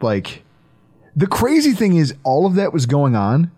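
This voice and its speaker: Animated man hosting a sports podcast. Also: on the high side, a little slow, husky. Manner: animated, joking, riffing and laughing. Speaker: podcast host. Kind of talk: casual sports podcast chat.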